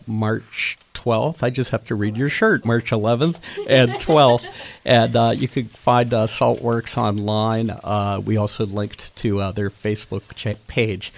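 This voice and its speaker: A man hosting a radio interview, relaxed and hesitant, with many fillers. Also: mid-range voice, creaky, no echo. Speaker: radio host. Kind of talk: casual interview wrap-up.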